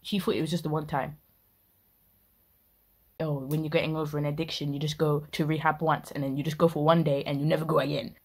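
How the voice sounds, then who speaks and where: A woman's voice: low voice, flat delivery, a little fast, darkish tone, husky. A young woman ranting indignantly in casual reaction commentary, full of slang. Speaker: reaction video host.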